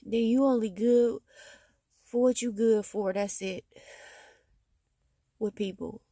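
A woman's voice: a little high, steady tone, slow pace, pauses often, dark tone, dry recording. A tired woman venting in a bitter, profane monologue with heavy sighs, talking into her phone. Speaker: vlogger.

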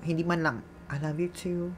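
A woman giving animated late-night movie reaction commentary at home, giggling and breaking into dramatic outbursts. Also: fairly low pitch, brisk. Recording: film music playing under the voice. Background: movie soundtrack music.

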